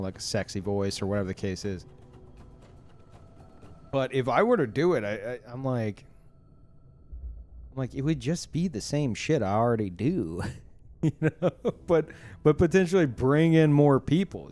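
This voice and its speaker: A man streamer chatting casually to his viewers, rambling with lots of fillers and restarts, soft music behind him. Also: medium pitch.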